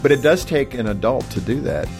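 A man hosting a faith-based radio interview, relaxed and affirming. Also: medium pitch, fairly quick, music in the background. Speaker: radio host.

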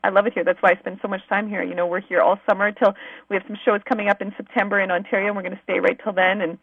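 Bubbly fast-talking woman on a dull phone line. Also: mid-range voice, little pitch movement, vocal fry, breathy edge, dry recording. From Manitoba, Canada. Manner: effusive, bubbly storytelling. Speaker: guest musician. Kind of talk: casual interview chat.

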